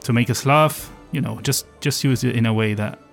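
A man's voice: medium pitch, moderate pace, creaky, soft background music. A man co-hosting a tabletop game podcast, chatting casually and laughing often. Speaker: podcast co-host and player. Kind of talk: casual chat.

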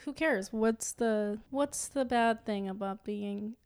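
A woman's voice: a little high, slow, darkish tone, smooth, dry recording. A young woman co-hosting a podcast in casual chat, talking in a rambling way with lots of "like" fillers. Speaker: podcast co-host.

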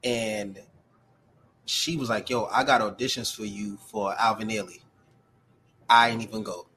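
A man's voice: fairly low pitch, a little slow, a little hiss or hum. A man, a podcast guest telling stories in casual chat, full of slang and fillers. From Brooklyn, New York. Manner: animated storyteller, heavy slang and fillers. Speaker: podcast guest, cosplay creator.

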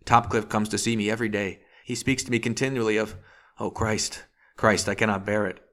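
A man voicing a desperate, agitated imprisoned gentleman who talks in bitter, pleading outbursts. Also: fairly low pitch, brisk, lightly acted.

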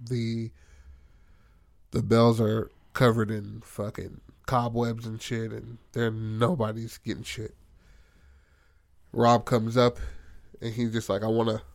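A man's voice: medium pitch, takes it slowly, vocal fry, long pauses, dry recording. Casual profane man retelling a story. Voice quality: profane, animated, acts out characters' lines. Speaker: storyteller recounting a tabletop game.

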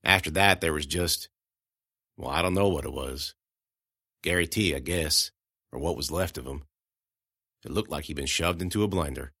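A man narrating a first-person audiobook in a folksy, conversational way, going hushed at grim moments. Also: very deep voice, moderate pace, pauses often, no echo, clean studio sound.

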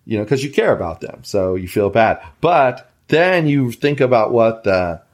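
A middle-aged man hosting a podcast, chatting casually in an easygoing, measured way. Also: medium pitch, sing-song. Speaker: podcast host.

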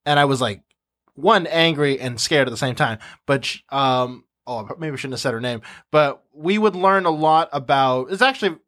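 A man's voice: on the high side, normal speed, fairly bright tone. A young man co-hosting a casual chat, laughing often and hedging with "uh" as he recalls school. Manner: laughs often, hesitant with "uh" fillers.

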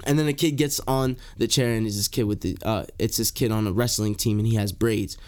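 A young man casually telling a long story, animated and slangy, swearing freely and filling with "like" and "bro". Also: on the low side, a little fast.

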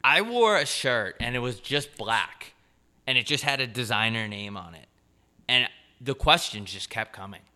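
Bright-toned young male co-host, sweary, mocking, prone to loud bursts. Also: medium pitch, animated, moderate pace. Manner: ranting, profane, mocking, swings loud. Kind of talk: casual comedic banter.

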